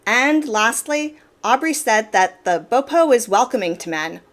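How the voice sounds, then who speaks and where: A woman's voice: fairly high pitch, expressive, unhurried. A woman hosting an opinion commentary, explaining her points in a direct, casual way and stressing them by repeating words. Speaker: commentary channel host.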